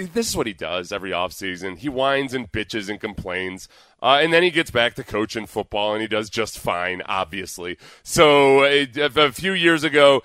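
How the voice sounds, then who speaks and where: Smooth, bright-voiced sports talk man. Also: mid-range voice, no room sound. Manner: sarcastic, animated, with frequent restarts. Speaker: sports talk show co-host. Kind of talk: casual sports radio chat.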